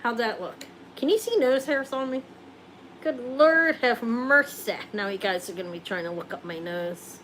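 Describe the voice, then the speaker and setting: A woman's voice: fairly high pitch, normal speed, fairly bright tone, slight background noise, poor audio. A woman hosting a live jewelry sale, chatting casually and joking while she shows rings.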